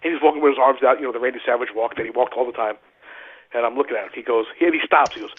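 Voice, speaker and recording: A man's voice: medium pitch, very fast, breathy edge. A man casually telling wrestling stories, swearing freely and laughing at his own punchlines. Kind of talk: casual storytelling with profanity. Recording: tinny phone line.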